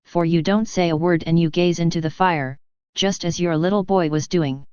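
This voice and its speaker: A woman reading a gently teasing young shepherdess. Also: on the low side, fairly even intonation, moderate pace, smooth, no room sound, dull audio, natural voice.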